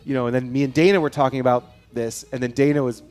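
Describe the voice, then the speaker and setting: A man chatting as a guest on a live show, rambling and telling animated stories with frequent laughs. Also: mid-range voice, fast, clear, resonant tone, faint music behind. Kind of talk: casual chat. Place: studio.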